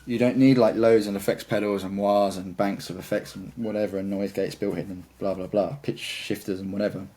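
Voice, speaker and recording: A man's voice: on the low side, little pitch movement, a little fast, hardly any pauses, warm tone. A man chatting as a guitarist guest in an interview, talking in a rambling, enthusiastic way. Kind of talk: casual interview chat.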